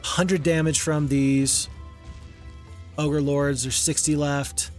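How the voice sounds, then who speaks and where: Talking through a strategy game, a gaming host with a slightly high voice reasons aloud and quietly counts units under his breath. He speaks slowly with little pitch movement, stays casual, and openly criticizes his own mistakes while faint music plays.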